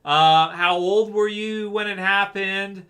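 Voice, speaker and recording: Bright-voiced, laid-back male streamer. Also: high-pitched, steady tone, slow pace. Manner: laid-back, rambling, many fillers, calls listeners "man". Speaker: livestream host. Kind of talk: casual live chat reading viewer comments.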